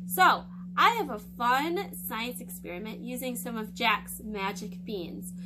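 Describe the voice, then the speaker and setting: A woman hosting storytime for children, reading a fairy tale aloud in a lively, expressive way. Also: fairly high pitch, noisy background.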